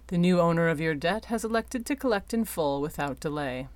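A woman voicing a composed, polite male debt collector who speaks quietly and formally. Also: on the low side, lively intonation, fairly quick, natural voice.

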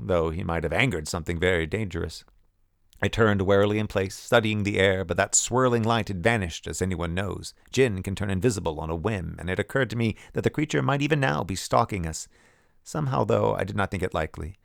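A man reads a first-person tale in a low, gravelly voice, measured and vivid. The recording is dry and close, with no room sound. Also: no room sound. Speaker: audiobook narrator. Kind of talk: scripted first-person narration.

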